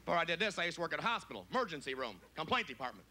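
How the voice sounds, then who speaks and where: A man doing a brash, crude stand-up comedy routine on a club stage, shouting his punchlines in high, squeaky put-on voices. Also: big pitch swings, rapid-fire, a little hiss or hum. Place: club stage before a live audience.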